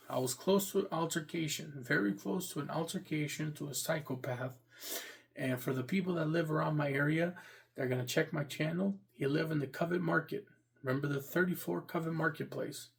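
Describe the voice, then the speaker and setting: A man's voice: a little high, vocal fry. A man from the United States, talking his opinions in a rambling, repetitive way as a vlogger. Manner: rambling and repetitive, restarts phrases. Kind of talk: casual opinion monologue.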